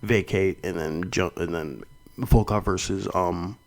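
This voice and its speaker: A man's voice: deep voice, unhurried, rough recording. A young man hosting a solo fight podcast, talking casually and rambling with many restarts and some swearing. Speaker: podcast host.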